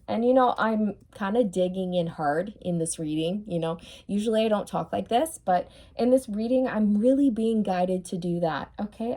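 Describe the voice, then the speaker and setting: In a tarot reading monologue, a woman with a mellow, mid-range voice speaks frankly and teasingly. She mocks whoever the cards describe, laughs a lot, and repeatedly checks in with the viewer by saying "okay."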